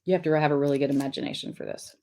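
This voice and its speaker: A woman's voice: low-pitched, wildly swooping pitch, very fast, vocal fry, noisy background. A middle-aged woman, hosting a live lettering class, chatting casually and reading viewer comments while she draws. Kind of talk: live-streamed craft lesson.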